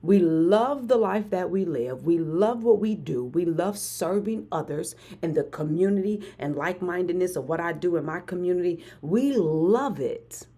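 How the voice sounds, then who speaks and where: A woman in her forties hosting a hyped motivational live stream, energetic and repeating phrases for emphasis. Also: lowish voice, normal speed, hardly any pauses. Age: 40s. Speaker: motivational livestream host.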